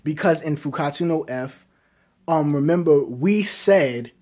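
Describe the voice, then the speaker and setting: A man giving casual fan commentary, talking excitedly and asking rhetorical questions over and over. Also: on the high side, measured pace. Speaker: anime reviewer.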